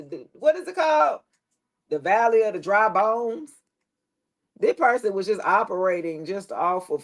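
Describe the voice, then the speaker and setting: Tarot reader lady talking to camera, swears a lot, kinda preachy, voice drops low sometimes. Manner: preachy, blunt and profane, with loose slangy phrasing; drops into a lower tone at times. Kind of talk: casual tarot reading to the camera.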